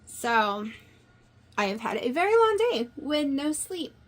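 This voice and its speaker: A woman chatting casually to her viewers while cooking at home, excitable and rambling, talking into a clip-on mic. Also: high-pitched. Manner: rambling, excitable, talks fast in bursts. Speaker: vlogger. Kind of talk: casual vlog chat. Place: home kitchen, cooking at a griddle. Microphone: new clip-on wireless mic, sometimes clipped to the stove away from her.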